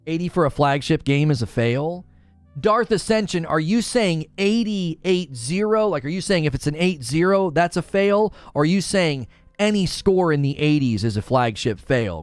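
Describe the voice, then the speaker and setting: A man hosting a casual gaming livestream, chatting with viewers and reading their comments aloud in a quick, talkative way. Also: on the high side, dry recording.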